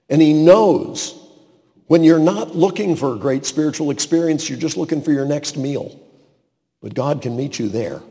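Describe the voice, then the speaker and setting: A man preaching a sermon, swinging from loud declarations to hushed asides and acting out quotes. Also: on the high side, creaky. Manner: dramatic shifts from loud to hushed, acts out quotes. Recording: long hall reverb.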